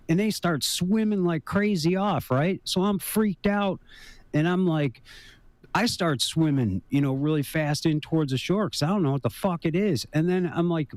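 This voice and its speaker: A man's voice: medium pitch, no room sound. A man calling in to a talk show, telling a rambling story full of swearing. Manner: rambling, profane, animated. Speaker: caller. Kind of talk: casual storytelling.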